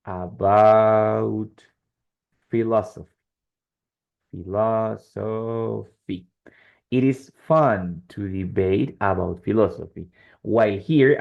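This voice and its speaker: Gravelly male English teacher on a call. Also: fairly low pitch. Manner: explains slowly with many checks like "right?" and "yes?". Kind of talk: online English lesson. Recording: dull lo-fi call audio.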